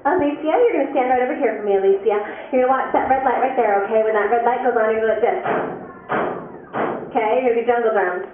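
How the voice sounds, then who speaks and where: A woman hosting a live theme park show on a large indoor stage, upbeat and joking as she gives quick instructions to volunteers and the audience. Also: a little high. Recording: tinny, echoey, noisy amateur camcorder audio.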